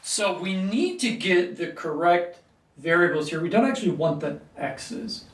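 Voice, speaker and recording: A man teaching a calculus lesson at a whiteboard, clearing his throat often and talking through steps with fillers. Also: high voice, lively intonation, measured pace, a bit bright. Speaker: math teacher. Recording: echoey room, mic at a distance.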